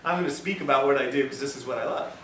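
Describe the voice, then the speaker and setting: Bright-voiced man telling a joking story. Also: medium pitch, rapid-fire. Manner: chatty, joking, self-mocking asides. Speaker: lecturer at a health institute. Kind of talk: humorous storytelling lecture. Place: lecture room at a health institute. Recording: echoey room, distant mic, faint ambience.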